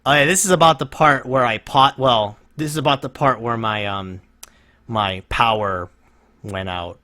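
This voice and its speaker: A man's voice: mid-range voice, moderate pace, pushed and bright. A man doing reaction commentary, profane and rambling, laughing and restarting often as he mocks what he watches.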